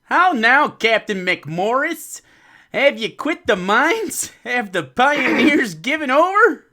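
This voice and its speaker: Reader as a brisk captain bringing orders. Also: medium pitch, sing-song, sharp tone, full character voice. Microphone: voice call.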